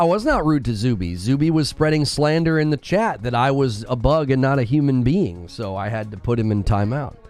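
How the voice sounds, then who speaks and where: A man's voice: medium pitch, darkish tone, no echo. A man hosting a casual live game stream, bantering playfully and teasing his chat from a room at home. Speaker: gaming streamer.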